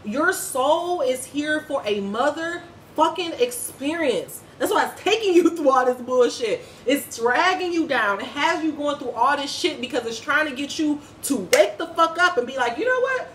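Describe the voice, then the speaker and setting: A woman's voice: high voice, lively intonation, moderate pace, fairly bright tone, slight background noise. A woman giving a casual spiritual reading in a vlog, ranting bluntly and profanely like a preacher. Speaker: spiritual reader. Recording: echoey room with faint ambience.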